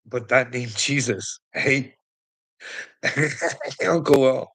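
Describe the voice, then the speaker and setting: Gravelly, chuckling man rambling casually. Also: mid-range voice, steady tone, slow pace, a bit bright, poor audio. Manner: chuckles often, swears, rambling. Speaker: online commentator. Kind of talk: casual rambling commentary to a viewer.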